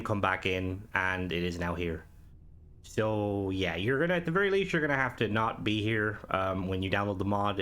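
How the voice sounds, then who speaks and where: A man's voice: on the low side, fairly bright tone. A man giving casual gameplay commentary while reviewing a game mod, thinking aloud and reacting as he plays.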